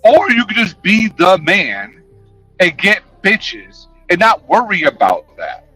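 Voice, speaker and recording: High, animated, profane male streamer. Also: slow pace, no room sound, faint music behind, rough recording. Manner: profane, confrontational, sarcastic. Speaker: livestreamer answering chat. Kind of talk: casual livestream rant.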